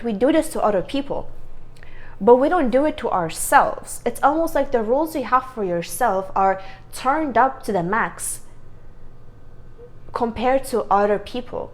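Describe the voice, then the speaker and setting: A woman with a worn, strained voice giving an earnest self-help talk to camera, stressing her points by repeating them. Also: mid-range voice. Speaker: vlogger.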